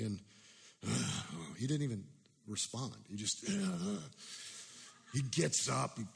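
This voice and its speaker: A man's voice: medium pitch, creaky, husky, big-room sound. A man preaching a sermon, telling a personal story in a self-deprecating way with many restarts.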